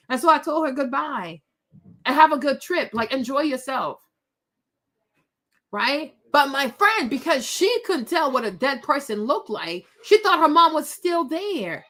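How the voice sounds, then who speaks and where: A middle-aged woman with a high voice tells a personal story straight to her viewers. She talks in a chatty, animated way, full of asides and quick turns back to her listeners. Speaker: host.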